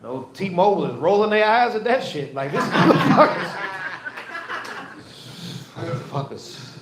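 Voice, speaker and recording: A man's voice: high voice, a bit bright. A man doing a stand-up routine on a comedy club stage, telling loose, profane stories and repeating his lines. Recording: echoey live venue.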